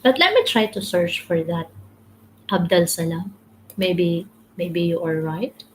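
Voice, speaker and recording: Slow, halting woman leading a devotional. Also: lowish voice, animated, background noise. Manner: halting, repeats words, reads viewer comments. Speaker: devotional livestream host. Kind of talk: casual devotional teaching.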